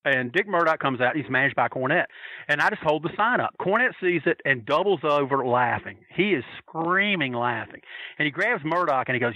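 Man, bright tense tone, dry close sound; lively raconteur who slips into character voices. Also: fairly high pitch, brisk, no echo, low-quality recording. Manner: animated, acts out quoted voices. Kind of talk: casual anecdote telling.

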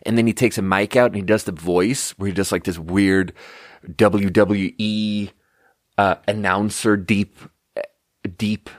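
A man's voice: lowish voice, fairly even intonation, measured pace, no echo, clean studio sound. A young man hosting a podcast, telling a story in a rambling, self-deprecating way full of fillers and restarts. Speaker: podcast host. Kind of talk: casual storytelling monologue.

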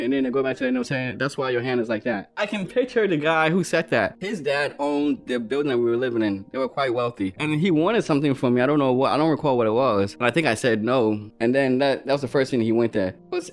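A young man from Ghana telling his own story in a quick, animated way, his voice slightly altered. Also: medium pitch. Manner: fast, animated retelling with quoted dialogue. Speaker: guest sharing his story. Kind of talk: personal storytelling.

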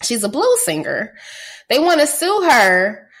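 A woman's voice: on the high side, very animated, measured pace, a bit bright. A woman hosting a podcast in casual chat, blunt, sarcastic and full of profanity. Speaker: podcast host.

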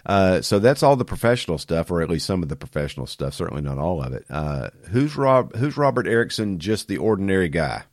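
Congested male podcast host, very low growly nasal voice, dry close sound, chatty and upbeat. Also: sing-song, fairly quick, few pauses, no room sound. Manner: chatty, upbeat, with frequent fillers. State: congested from a sinus illness. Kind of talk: casual podcast interview.

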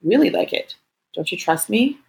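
A woman voicing a teasing, dominant adult male lover in a smug, unhurried, playful way. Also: on the low side, lively intonation, gravelly, darkish tone, voice pushed up, rough recording.

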